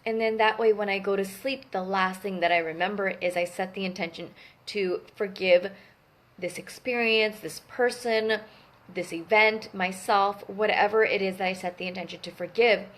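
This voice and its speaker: A young adult woman speaks to her viewers in an earnest, gentle vlog manner. Her pitch sits in an ordinary middle range. She often pauses to rephrase and correct herself as she goes. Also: fairly even intonation. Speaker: wellness vlogger. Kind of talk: casual talk to camera.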